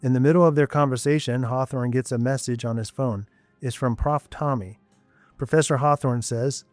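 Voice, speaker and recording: A man narrates a serialized audio story in a steady, measured voice at a middle pitch. The recording is dry and close, with soft music faintly underneath. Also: no echo. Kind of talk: scripted narration.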